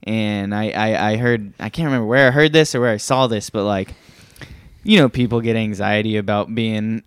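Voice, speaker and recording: A man's voice: fairly low pitch, moderate pace, smooth, no echo, clean studio sound. A young man co-hosting a podcast in casual chat, rambling and hesitant with many restarts. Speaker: podcast co-host.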